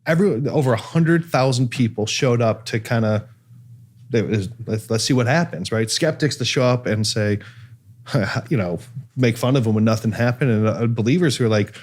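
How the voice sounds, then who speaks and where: A man's voice: mid-range voice, moderate pace, darkish tone. A man from Cleveland hosting a casual talk show, telling a story with lots of fillers and restarts. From Cleveland, USA. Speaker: podcast host. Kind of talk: casual chat.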